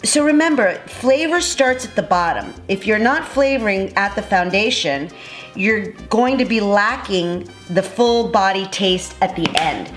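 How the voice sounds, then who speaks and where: An enthusiastic woman chef walks through a recipe in a kitchen, gushing over every step. Her voice carries an echoey ring from the room. Music plays clearly behind her. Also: medium pitch, animated, measured pace. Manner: effusive, enthusiastic, chatty. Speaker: cooking show host. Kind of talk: cooking demonstration.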